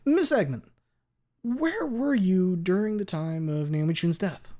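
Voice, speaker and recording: A man voicing a sly, determined male lawyer who questions a witness in a loud, pointed courtroom manner. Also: high voice, lively intonation, a little slow, voice pushed up. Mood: pressing.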